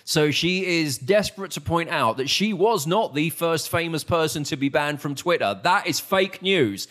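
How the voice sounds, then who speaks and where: A man with a fairly high voice and moderate pace co-hosts a podcast, telling animated anecdotes in casual chat and acting out quoted lines in put-on voices.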